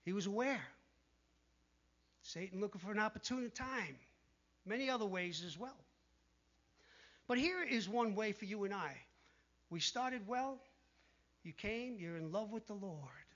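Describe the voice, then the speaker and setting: A man preaching a sermon in an animated way, dropping to a hush when he quotes the tempters. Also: high-pitched, unhurried, pauses often. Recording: dull lo-fi sound.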